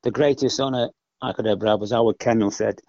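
Fast-talking older man, former footballer. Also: medium pitch, fairly even intonation, a little mellow, no echo. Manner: rambling, repeats "you know what I mean". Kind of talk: casual interview chat. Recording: dull lo-fi dry podcast audio.

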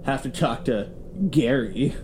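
A man's voice: mid-range voice, a little slow, a little mellow, slight background noise, lightly acted. A man voicing a smug, vain male hat thief in an improvised role-play game, with a drawling delivery.

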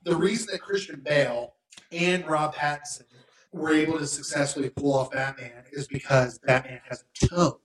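A man's voice: a little high, normal speed, rough recording. A man in his thirties co-hosting a casual podcast, talking in a heated, emphatic, profane way. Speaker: podcast co-host.

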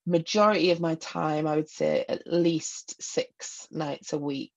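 A woman with a Northeast English accent speaks frankly and with self-deprecating humour in an interview, often restarting her sentences. Her voice sits fairly low, with a raspy, gravelly edge. The recording sounds a little muffled and lo-fi. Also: a little slow, a little mellow. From Northeast England. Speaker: guest. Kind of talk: candid personal interview.

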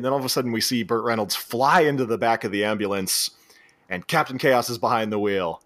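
A man's voice: medium pitch, quick pace. A man co-hosting a podcast, animatedly recapping a film scene by scene and acting out the characters' lines. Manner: animated retelling with acted-out quotes. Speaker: podcast co-host. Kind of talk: casual film recap chat.

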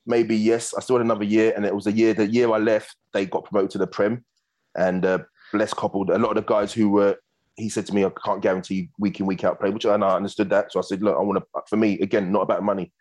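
Male guest, very low voice, brisk storyteller. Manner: fast, animated anecdotes with acted quotes. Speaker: former footballer guest. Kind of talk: casual storytelling interview.

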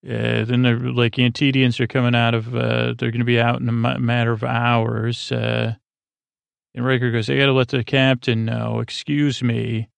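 Male podcast host, gravelly and monotone, halting sleepy rambling recap. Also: medium pitch, no room sound. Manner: meandering, filler-heavy, halting retelling.

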